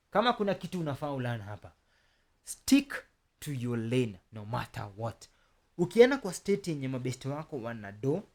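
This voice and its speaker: A man with a Kenyan accent telling a story to his viewers in an animated, chatty way, speaking straight to his audience. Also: medium pitch. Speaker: storytelling channel host.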